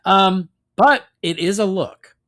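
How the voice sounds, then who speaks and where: Chatty podcast host, fairly high voice. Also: male voice, slow, a bit bright. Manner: chatty, hedging with many fillers. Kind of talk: casual podcast chat.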